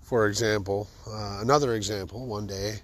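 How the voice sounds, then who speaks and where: A man's voice: lowish voice, steady tone, moderate pace, a bit bright. A man in a casual comedic monologue, hosting his own show, sarcastic and laughing at his own stories. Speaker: podcast host.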